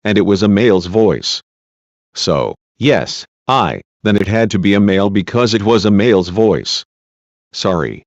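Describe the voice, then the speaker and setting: A man's voice: on the low side, expressive, unhurried, dry recording. A man reading a female witness's answers from a deposition, short and polite, in a dull lo-fi recording. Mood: calm.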